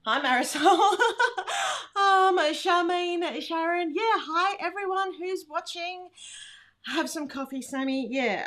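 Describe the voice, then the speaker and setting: A woman's voice: high-pitched, fairly bright tone. An Australian woman hosting a casual livestream from home, chatty and laughing often as she greets viewers by name. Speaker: livestream host. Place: home room.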